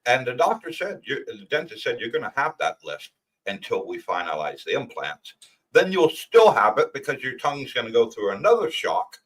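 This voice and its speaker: A man's voice: mid-range voice, huge pitch swings, moderate pace, breathy edge, rough recording. An older man with a lisp and a sore throat, chatting casually as co-host of a livestream. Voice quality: lisp from missing teeth. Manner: warm thanks to viewers, chatty.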